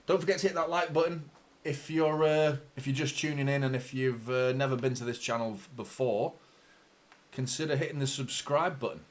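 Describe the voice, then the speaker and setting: A man hosting a live football watchalong, chatting casually and swearing freely, quickly heated and exasperated by mistakes. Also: mid-range voice. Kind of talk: live match commentary and chat.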